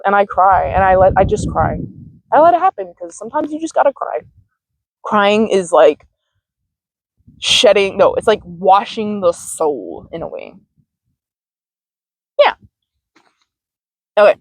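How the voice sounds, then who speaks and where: A woman's voice: lowish voice, animated, normal speed, pauses often, no echo. A woman hosting a mindfulness vlog outdoors, chatting casually, laughing often and swearing freely. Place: outdoors, sitting on dirt.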